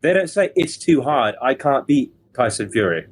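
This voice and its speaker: Husky, earnest motivational man. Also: mid-range voice, big pitch swings, moderate pace. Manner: earnest, motivational, repeats words. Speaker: self-improvement guest. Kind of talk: casual podcast talk.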